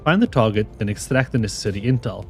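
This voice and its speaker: A man voicing a curt, dismissive male commander from a game in a low, quiet voice. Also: lively intonation, fast, faint music behind. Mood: cold.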